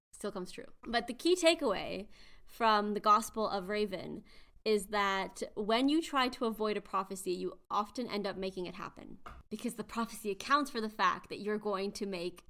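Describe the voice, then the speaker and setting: A woman's voice: medium pitch, normal speed, fairly bright tone. A woman hosting a podcast, chatting animatedly as she retells myths with quiz-like asides. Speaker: podcast host. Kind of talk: casual chat retelling myths.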